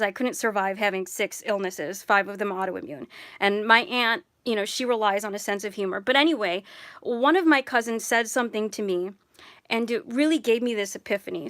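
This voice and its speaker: Young woman vlogging, chatty and rambly, voice a bit high, dry close sound. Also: a bit bright, no room sound. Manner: chatty, digressive, self-correcting. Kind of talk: personal vlog talk.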